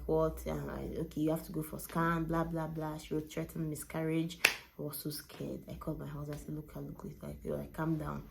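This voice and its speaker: Low, gravelly-voiced woman vlogger. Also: a little mellow, slight background noise. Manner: candid, emotional, retelling with quoted dialogue. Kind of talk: personal storytelling to camera.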